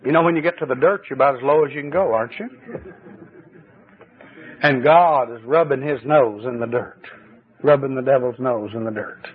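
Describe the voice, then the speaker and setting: A man preaching a fervent sermon at a church service, his voice swinging between high exclamations and low, confiding asides. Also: normal speed, pauses often, husky. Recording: tinny old cassette tape recording.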